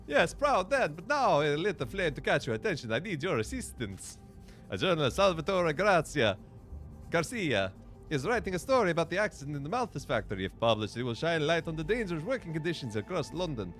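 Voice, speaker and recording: A man voicing a proud, gossipy male lamplighter spirit in a high, strained, declaiming voice while reading a video game aloud. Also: sing-song, fairly quick, fairly bright tone, soft background music. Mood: urgent pleading.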